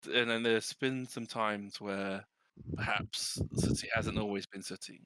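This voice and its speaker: A man's voice: fairly low pitch, fairly even intonation, pushed and bright, dry recording, studio quality. A man narrating as dungeon master of a tabletop game, hesitant and full of restarts. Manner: halting, many restarts and fillers.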